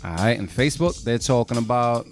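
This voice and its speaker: A man co-hosting a podcast, giving frank, relaxed feedback on beats with plenty of fillers. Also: mid-range voice, a little fast, faint music behind. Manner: laid-back, frank critique with fillers. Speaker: podcast co-host reviewing beats. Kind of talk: casual chat.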